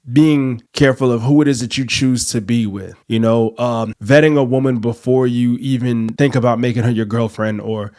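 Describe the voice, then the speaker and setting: A male podcast co-host calmly and earnestly advising his male listeners. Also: medium pitch.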